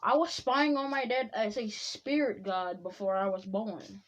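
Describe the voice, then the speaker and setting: A woman's voice: medium pitch, steady tone, a little slow, natural voice. Naruto, a boastful young ninja, as a woman voices him. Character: cocky young male ninja who claims godhood.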